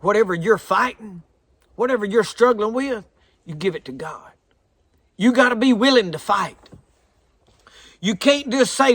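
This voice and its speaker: A man's voice: high voice, normal speed, pauses often, no echo. A man with a thick Southern drawl preaching a folksy, earnest sermon. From American South.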